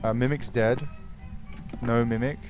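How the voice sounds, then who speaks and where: A young man streaming a horror game, talking to his chat in an excitable, swearing manner. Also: mid-range voice, unhurried, soft background music. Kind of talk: live gaming stream commentary.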